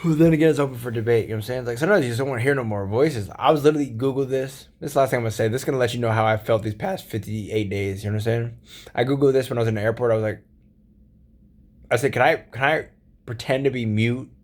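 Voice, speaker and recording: A man's voice: mid-range voice, racing, darkish tone. Rambling, profane laid-back man. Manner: laughs often while talking. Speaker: solo vlogger. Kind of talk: casual late-night monologue.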